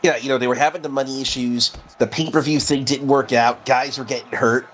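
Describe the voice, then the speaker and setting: A man's voice: mid-range voice, steady tone, a little fast, fairly bright tone, a little hiss or hum, poor audio. A man co-commenting casually on a simulated wrestling game, recalling and correcting wrestling history. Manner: conversational, corrects and recalls details.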